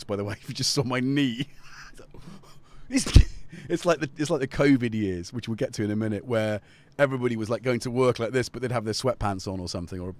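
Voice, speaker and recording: A man hosting a casual live stream, joking and rambling off topic at a studio mic. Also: on the low side. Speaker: livestream host. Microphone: studio dynamic mic.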